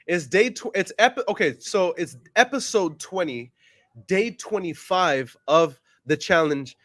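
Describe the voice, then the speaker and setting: Man, upbeat and jokey, slightly raised pitch, dry close sound. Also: lively intonation, a little slow, fairly bright tone, no echo. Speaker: real estate investor and vlog host. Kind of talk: casual phone call and chat.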